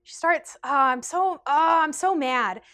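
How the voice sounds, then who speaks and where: A young woman telling a restaurant story in a chatty storytime vlog, animated and peppered with "like". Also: high-pitched, unhurried. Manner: chatty and animated, heavy use of like. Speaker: vlogger. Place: indoors, seated in a rotating chair.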